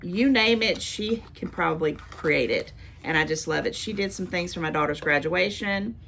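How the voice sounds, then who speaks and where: An older woman, a grandmother, chats her way through an unboxing in a lowish voice. She gushes and thanks over and over, close to tears. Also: normal speed, vocal fry, a bit bright, a little hiss or hum. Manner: gushing, thankful, repeats herself. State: near tears. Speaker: vlogger. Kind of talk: casual chatty unboxing.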